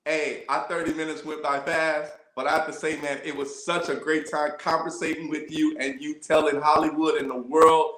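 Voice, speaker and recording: A male host wrapping up an interview in an excited, slangy, effusive way. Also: fairly high pitch, normal speed, hardly any pauses, reverberant. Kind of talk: casual interview sign-off.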